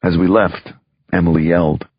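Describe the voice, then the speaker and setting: A man narrating a crime thriller audiobook in the first person, steady and measured. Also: low-pitched, slightly rough, no echo, highs cut off.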